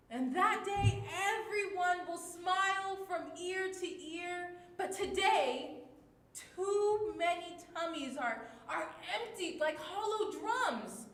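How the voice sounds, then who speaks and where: A woman's voice: very high-pitched, reverberant, pitched above the performer's own voice, exaggerated voice. A woman reciting a short children's poem with exaggerated emotion as a demonstration. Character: woman reciting a poem in sad, angry, then excited tones.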